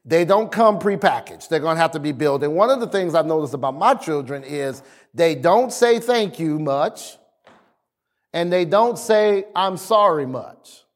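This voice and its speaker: A man preaching as a pastor, slowing for emphasis and acting out family scenes. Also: a little high. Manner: lively preaching, slows for emphasis, acts out family dialogue. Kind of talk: sermon.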